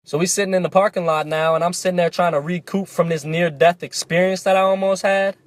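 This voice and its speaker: A male vlogger telling a story to camera in a casual, animated, jokey way, cursing freely. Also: high voice, fast.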